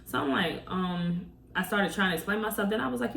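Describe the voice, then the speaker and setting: Brisk and creaky, with few pauses, a woman of medium pitch and a somewhat bright tone tells a motivational story to camera. She speaks conversationally, lobbing rhetorical questions at viewers. The audio has roomy echo, distant miking, faint ambience, and a little hiss or hum.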